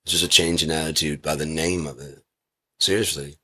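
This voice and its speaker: This vlogger has a bass voice with a steady tone, pushed and bright with a breathy edge, and he talks a little fast. Alone indoors in a room with a heater, he rants casually and profanely in a lecturing, rambling way.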